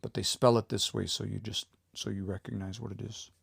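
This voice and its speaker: Low, gravelly man teaching casually. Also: no echo, clean studio sound. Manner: explains step by step, repeats words slowly for practice; relaxed, informal, says y'all and eh. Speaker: language teacher. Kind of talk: casual live-streamed lesson.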